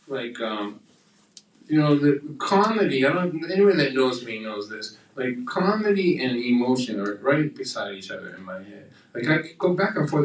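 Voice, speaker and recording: An older man performing live storytelling comedy, animated and acting out voices and heartbeat sounds. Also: mid-range voice, reverberant, distant mic, rough recording. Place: coffeehouse stage.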